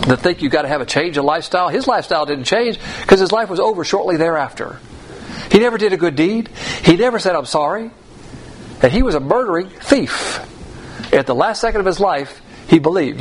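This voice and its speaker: A man preaching a sermon in an emphatic, blunt way, swinging between loud and hushed delivery. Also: on the high side, a little hiss or hum, poor audio.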